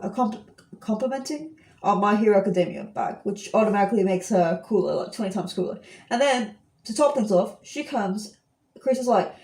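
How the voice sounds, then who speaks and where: This woman in her twenties, an art streamer, talks while drawing in a medium-pitched voice. She wanders through a story loaded with filler words, and the room around her echoes.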